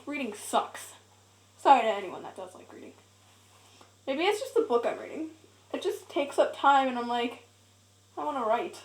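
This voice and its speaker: A teenage girl vlogs from inside her home, chatting aimlessly into a camera propped on a shelf, her talk full of "like" and giggly asides. Her voice sits on the high side, and the recording quality is low.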